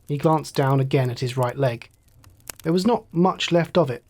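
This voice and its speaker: A man reading a bedtime story aloud in a slow, measured, soothing manner. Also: mid-range voice, darkish tone.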